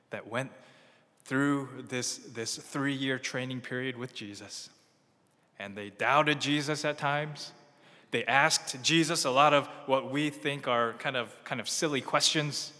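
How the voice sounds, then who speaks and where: Pastor guy preaching, bright forceful voice, big hall echo, earnest and emphatic. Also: medium pitch. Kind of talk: sermon.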